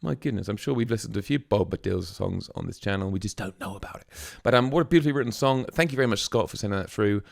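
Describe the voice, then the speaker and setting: Chatty man with a gravelly low voice. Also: lively intonation, fast, hardly any pauses, dry recording, clean studio sound. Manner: chatty, musing aloud with fillers. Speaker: reaction video host. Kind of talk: casual reaction commentary.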